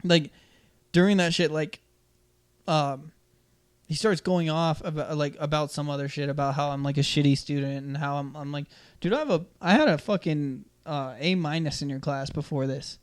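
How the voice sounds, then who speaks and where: A young male podcast host with a smooth voice on the high side tells a story from school at a moderate pace. It's casual, animated chat full of swearing, with quotes acted out loudly.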